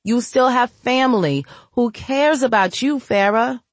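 A woman reads a pushy young sister who nags and scolds. Her voice climbs high and presses hard. The sound is dry and close-miked. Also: unhurried, no room sound, lightly acted. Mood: scolding. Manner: sharp, scolding.

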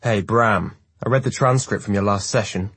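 Man playing a cocky young squadmate, taunting and sneering, pitched up and loud, husky edge. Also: a little fast, no echo. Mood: mocking. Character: mocking young male squad rival.

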